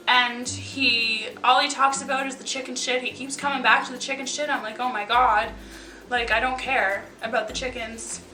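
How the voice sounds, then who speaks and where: Young female vlogger, bright and a bit high-pitched, wry storyteller, roomy echo, mic set back, faint music under. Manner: chatty, wry, sarcastic asides with lots of likes. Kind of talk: casual storytelling to camera. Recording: echoey room, mic at a distance.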